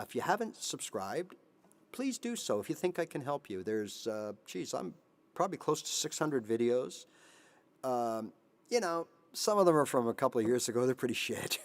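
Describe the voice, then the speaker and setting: A man in his fifties who hosts a guitar channel, giving animated motivational advice on a live stream and now and then singing a line. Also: mid-range voice. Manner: animated, sings snippets, voices his inner brain. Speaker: guitar teacher, channel host.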